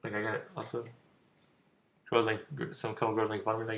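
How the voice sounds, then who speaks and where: A man's voice: lowish voice, fairly even intonation, brisk, pauses often, fairly bright tone. A young man with a stutter, rambling casually as he gives dating advice in a vlog. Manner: rambling, stuttering, loose and informal. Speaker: vlogger giving dating advice.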